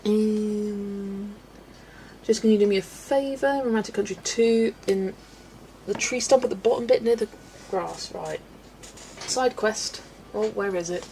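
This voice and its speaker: A colouring livestream host, she talks casually through viewers' live comments and laughs frequently. Her mid-range voice has a dark tone and moves a bit slowly, broken by long pauses, over faint background noise.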